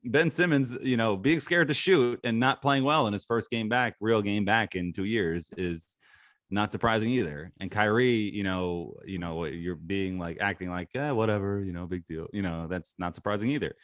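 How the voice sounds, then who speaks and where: A man's voice: on the low side, moderate pace, fairly bright tone, no room sound, clean studio sound. A man co-hosting a casual sports podcast, joking and sarcastic, often laughing as he talks. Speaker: podcast co-host.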